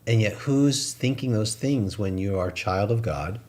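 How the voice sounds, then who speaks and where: A man's voice: lowish voice, moderate pace, a little mellow. A man co-hosting a spiritual talk show, chatting earnestly and laughing at himself. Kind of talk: casual spiritual chat.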